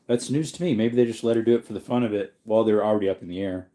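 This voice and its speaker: A man hosting a livestream, reading viewer comments aloud in a relaxed, rambling way while yawning. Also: lowish voice, fast talker. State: sleepy, yawning. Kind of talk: casual chat.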